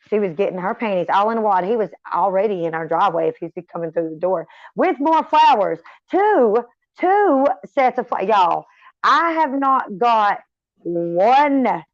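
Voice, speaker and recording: Talking to her viewers, a middle-aged woman vlogger rambles casually, wandering off on tangents and cursing without restraint. Her voice is medium-pitched, and the slightly dull, dry recording has no echo.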